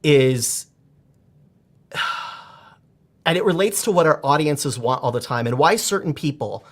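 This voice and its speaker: A man in his forties tells stories as a podcast guest, animated and expressive. His voice sits a little high for a man, and he often restarts his sentences as he talks. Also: takes it slowly. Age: 40s. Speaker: guest, performance coach. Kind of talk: conversational podcast interview.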